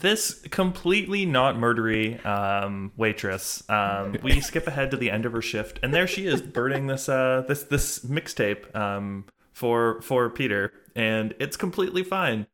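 A man's voice: mid-range voice, animated, unhurried, hardly any pauses, a bit bright. A man co-hosting a casual podcast recap, joking and restarting his sentences. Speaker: podcast co-host.

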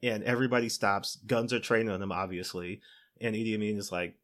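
A man's voice: lowish voice, brisk, a bit bright. Man casually recapping a movie, chuckling. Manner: laughs often while retelling, acts out quoted lines in his own voice; conversational, loose fillers like "you know" and "like". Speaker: podcast co-host.

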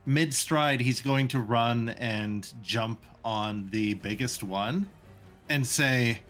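A man playing a tabletop game, talking in a low-key, somewhat hesitant way. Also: takes it slowly, fairly bright tone, faint music behind. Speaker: player.

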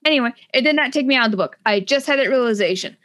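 Gushing animated woman podcast host. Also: high voice. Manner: animated, gushing, quick asides. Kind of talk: casual book chat.

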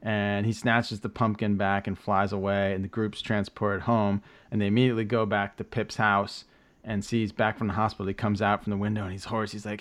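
A man's voice: on the low side, level tone, brisk, fairly bright tone. A man hosting a podcast, casually recapping with lots of fillers, restarts and joking asides. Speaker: podcast host. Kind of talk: casual chat.

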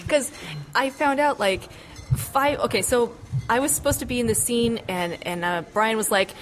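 A woman chatting excitedly about being an extra, giggling and acting out her own reactions. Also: on the high side, normal speed. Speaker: fan and film extra. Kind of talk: excited casual chat.

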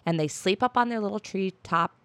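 A woman's voice: medium pitch, fairly bright tone, dry recording. A woman co-hosting a podcast, casually recapping a book chapter and breezily quoting the characters. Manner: breezy, quotes characters in quick put-on voices. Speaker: podcast co-host.

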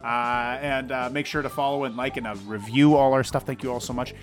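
A man's voice: medium pitch, fairly even intonation, fairly quick, faint music behind. A man co-hosting a casual podcast, giving rambling, laid-back advice with plenty of fillers. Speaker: podcast co-host. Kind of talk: casual chat.

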